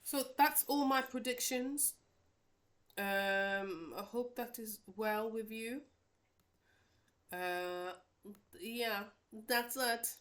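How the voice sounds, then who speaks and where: A woman's voice: a little high, drawn-out words, long pauses, fairly bright tone. A woman vlogger giving casual, opinionated wrestling predictions, rambling with many restarts and fillers.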